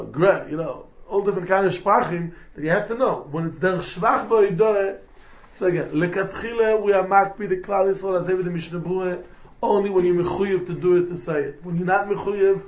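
A man teaching a Torah lesson, explaining point by point and mixing in Hebrew and terms. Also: fairly high pitch. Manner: mixes English with Hebrew and Yiddish terms, explanatory. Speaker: rabbi teaching halacha. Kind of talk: Torah lecture.

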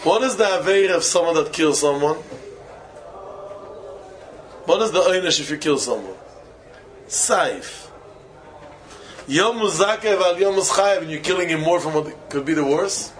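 A man, a rabbi, giving a Torah lecture in English full of Yiddish and Hebrew terms, with non-native phrasing, slowing to chant key phrases and breaking into sudden high exclamations. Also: animated, a little hiss or hum, poor audio. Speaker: rabbi teaching students. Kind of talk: Torah lecture to young men.

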